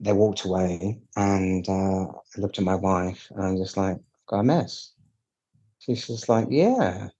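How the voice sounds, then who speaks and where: British male guest, middle-aged, low husky voice, wry candid storyteller who plays out quoted dialogue. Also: flat delivery, measured pace, hardly any pauses, dark tone, dull audio. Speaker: piano technician guest. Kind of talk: casual storytelling interview.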